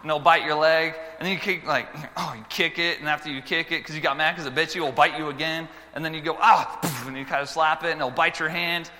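A man preaching a sermon to schoolchildren, telling stories with lively swings between loud exclamations and quiet earnest moments. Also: on the high side, quick pace, hardly any pauses, long reverb tail. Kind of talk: sermon with storytelling.

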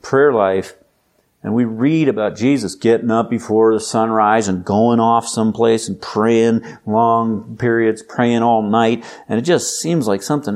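A man preaching a sermon in a conversational, emphatic way, building up to loud, intense exhortation. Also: mid-range voice, normal speed. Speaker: pastor.

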